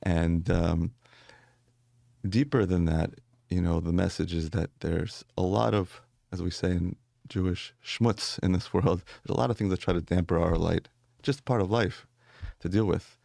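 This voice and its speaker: A man's voice: low voice, fairly even intonation, unhurried, creaky, mellow, no echo, studio quality. A man, a rabbi, telling stories earnestly in a conversational interview, with light laughs.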